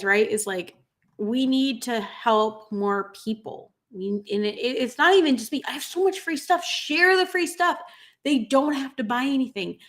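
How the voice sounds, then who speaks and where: A woman in her thirties hosting a livestream, tearful after crying, reading viewer comments in an earnest, halting way with many fillers. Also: medium pitch, a bit bright. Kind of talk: emotional livestream chat.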